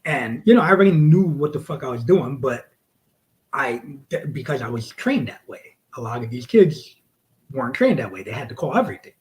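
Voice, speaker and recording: A man's voice: medium pitch, very animated, fairly quick, darkish tone. A man who wrestles, telling a story to a podcast host in a casual, profane way. He acts out the quotes and sometimes drops to a whisper.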